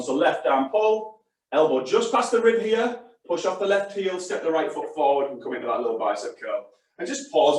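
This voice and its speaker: High-voiced man coaching, very echoey room. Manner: chatty, encouraging, short exercise cues. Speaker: fitness instructor. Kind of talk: live fitness class coaching. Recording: very echoey room, distant mic.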